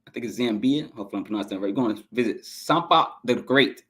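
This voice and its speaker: Male podcast host, mid pitch, enthusiastic and rambling in a casual review monologue. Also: quick pace, fairly bright tone. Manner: enthusiastic, rambling, repeats himself, stumbles over names. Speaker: podcast host ranking albums.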